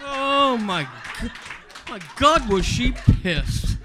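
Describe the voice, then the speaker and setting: A man's voice: extremely high pitch, lively intonation, drawn-out words, long pauses, noisy background. An older man performing his first bawdy stand-up set at an open mic, with self-deprecating banter. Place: comedy club stage before a live audience.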